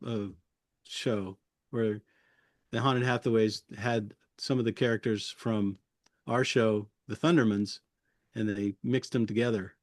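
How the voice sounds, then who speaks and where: A man's voice: fairly low pitch, steady tone, measured pace, darkish tone, dry recording, clean studio sound. A man who works as a puppeteer, chatting casually as an interview guest, chuckling often and rambling loosely through his memories.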